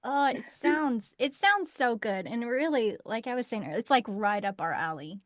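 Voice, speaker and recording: A bubbly, effusive woman hosting a podcast in casual chat. Her voice sits fairly high. The recording is dry and close. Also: lively intonation, moderate pace, dry recording. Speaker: podcast host.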